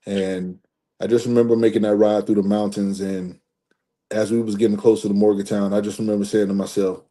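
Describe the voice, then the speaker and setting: A man in his forties, a former football player, telling a long story in a relaxed interview, restarting sentences often. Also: lowish voice, fairly quick. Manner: animated storyteller, acts out dialogue, restarts often.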